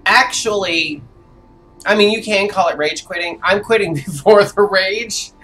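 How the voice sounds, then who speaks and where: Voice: mid-range voice, a little slow, sharp tone, soft background music. A live-streaming gamer giving casual commentary to viewers, narrating moves aloud, swearing freely at setbacks and laughing the frustration off. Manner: narrates own moves aloud, chatty and exclamatory.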